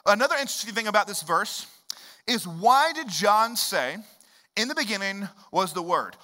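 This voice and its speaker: A man in his thirties preaching a sermon in a church, swinging from loud emphatic bursts to low hushed lines. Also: in a large hall. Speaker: pastor. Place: church sanctuary.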